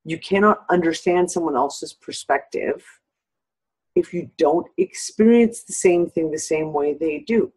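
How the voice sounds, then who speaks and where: A woman's voice: deep voice, darkish tone, husky, low-quality recording. A middle-aged woman hosting a casual talk, agreeable and explaining things at length. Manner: agreeable, drawn-out explaining, frequent "yep". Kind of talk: casual chat.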